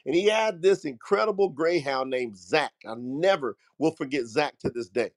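A middle-aged man with a high, bright-pitched voice tells a motivational story. He speaks emphatically in a preacher-like way and calls his listeners family. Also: moderate pace. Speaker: host.

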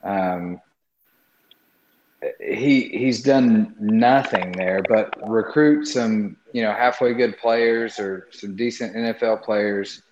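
A man co-hosting a sports talk show, blunt and hesitant, pausing often with ums. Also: lowish voice, a little mellow, a little hiss or hum. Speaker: co-host. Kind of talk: casual sports chat. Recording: roomy, muffled mic.

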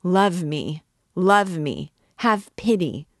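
A woman's voice: low voice, steady tone, slow pace, no room sound, studio quality. A woman voicing an obsessed older male priest in a storybook reading, pleading with passion. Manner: pleading, impassioned.

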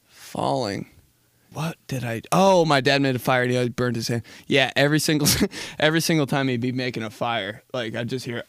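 A man's voice: mid-range voice, moderate pace, a bit bright, no room sound, studio quality. A man hosting a podcast who tells rambling comic stories in crude, casual talk and laughs often. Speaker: podcast host. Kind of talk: comedic storytelling chat.

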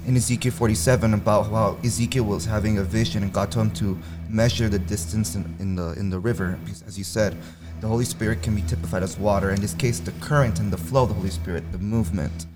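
Man, lowish voice, steady scripture explainer, music clearly behind. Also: quick pace, few pauses. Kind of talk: casual Christian podcast chat.

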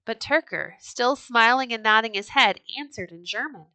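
A woman reading a children's storybook aloud, clear and gentle. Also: fairly high pitch, lively intonation, normal speed, no echo, rough recording.

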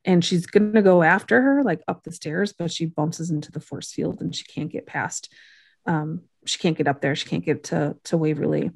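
A woman's voice: low voice, normal speed, gravelly, slightly rough, no echo, clean studio sound. A woman chatting casually as a podcast co-host, laid-back with jokey asides. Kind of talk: casual chat recapping a TV episode.

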